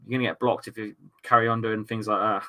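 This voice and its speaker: A man hosting a live football watchalong stream, reacting loudly to the match and chatting with his viewers in a casual, excitable way. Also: lowish voice, fast. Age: adult with a young son. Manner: excitable, shouts and swears at the match, chats with viewers. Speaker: livestream watchalong host.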